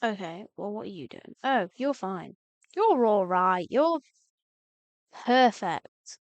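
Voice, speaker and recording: A woman's voice: medium pitch, very animated, slow, dry recording. A young woman streaming a game live, chatty and exasperated, swearing at the game. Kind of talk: live gameplay commentary.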